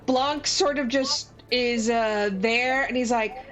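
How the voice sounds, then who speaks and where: A woman game master narrates a tabletop game in a slightly high voice, slow and hesitant with frequent fillers. Soft music plays faintly in the background.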